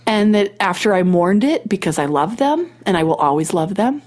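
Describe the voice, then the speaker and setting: A woman's voice: medium pitch, expressive, moderate pace, darkish tone. A middle-aged woman hosting a podcast, telling a personal story in casual chat with quoted dialogue and self-mocking asides, getting over a cold. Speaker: podcast host.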